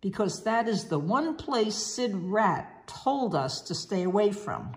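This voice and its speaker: A woman voicing a calm, pipe-chewing old seafaring uncle in a storybook reading. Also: medium pitch, slow pace. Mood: steady.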